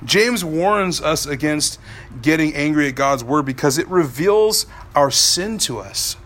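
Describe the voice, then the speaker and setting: Man, sermon, high voice, forceful tone, animated delivery. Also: unhurried. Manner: animated, swinging from soft to loud. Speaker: pastor.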